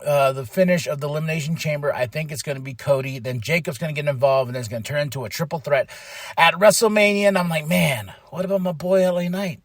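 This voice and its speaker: High-voiced hyped-up podcast host, man. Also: fast talker, dry recording, clean studio sound. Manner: excited, animated storytelling with hype shouts and laughs. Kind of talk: casual wrestling recap.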